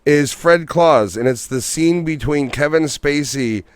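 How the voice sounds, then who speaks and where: A man's voice: a little high, unhurried, clean tone. A man co-hosting a casual movie podcast, joking and swearing as he talks. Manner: animated, swearing, jokey. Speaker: podcast co-host. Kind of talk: casual chat.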